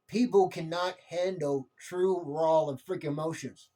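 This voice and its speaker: A young man rants with heat, circling back over his points and swearing freely. His voice sits a little high with a mellow, soft-edged tone. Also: steady tone, unhurried. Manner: heated, repetitive, swears freely. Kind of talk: impassioned monologue rant.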